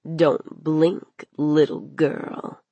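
A woman voicing a menacing male captor with a knife, speaking in slow, quiet taunts. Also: low voice, little pitch movement, husky, dry recording, muffled recording, full character voice. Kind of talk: audiobook character voice.

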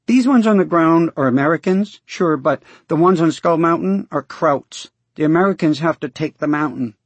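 A man's voice: normal speed, breathy edge, no room sound. Man doing an eager six-year-old boy. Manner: high, eager, breathless chatter. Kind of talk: audiobook character voice.

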